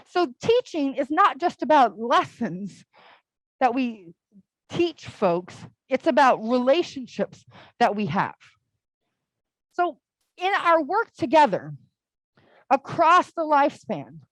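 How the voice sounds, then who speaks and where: A woman's voice: high-pitched, dry recording, low-quality recording. A young adult woman giving a conversational all-ages sermon at a church service, telling stories casually and often saying "like". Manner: casual, storytelling, with frequent "like" fillers.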